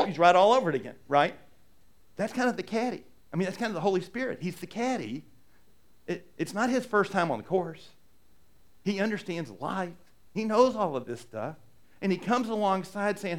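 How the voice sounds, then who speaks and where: A man's voice: high voice, animated, a little fast. A middle-aged male pastor preaching a sermon, telling a story in a conversational way and acting out the quoted lines.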